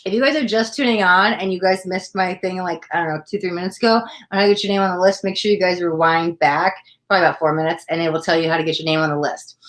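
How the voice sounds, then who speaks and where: A woman's voice: lowish voice, fairly even intonation, fast, hardly any pauses, fairly bright tone. A woman from the United States hosting a livestream tarot reading, gushing with thanks and chatting casually with lots of "like" and "oh my God.".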